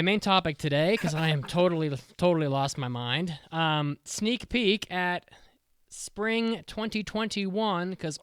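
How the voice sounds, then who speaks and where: A man in his thirties co-hosting a podcast, chatting casually in an excitable, rambling, jokey way. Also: medium pitch, smooth, dry recording, studio quality. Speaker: podcast co-host. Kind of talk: casual chat.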